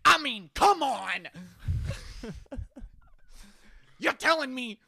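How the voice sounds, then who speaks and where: A man impersonating a loud, outraged male sports pundit. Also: very high voice, expressive, drawn-out words, gravelly, no echo, voice pushed up, full character voice. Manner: yelling, exasperated.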